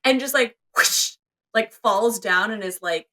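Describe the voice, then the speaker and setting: A woman's voice: fairly high pitch, unhurried, pushed and bright. A young woman co-hosting a podcast, chatting casually and animatedly about a movie, acting out characters' lines. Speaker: podcast co-host.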